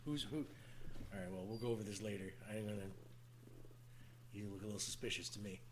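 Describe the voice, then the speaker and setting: A man's voice: lowish voice, steady tone, brisk, slight background noise. A man co-hosting a podcast in casual banter, teasing his guest and swearing often. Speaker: podcast co-host.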